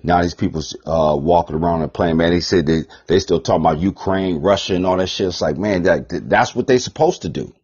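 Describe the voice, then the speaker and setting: A man hosting a podcast, ranting in a profane, rambling monologue, repeating himself and swinging between loud bursts and mutters. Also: deep voice, a little fast, few pauses, husky. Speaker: podcast host. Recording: dull lo-fi podcast recording.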